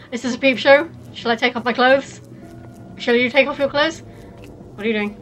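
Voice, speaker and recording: A woman's voice: a little high, normal speed, long pauses, fairly bright tone, soft background music. A woman hosting a let's play, chatting casually and playfully with lots of giggles. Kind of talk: casual gaming chat.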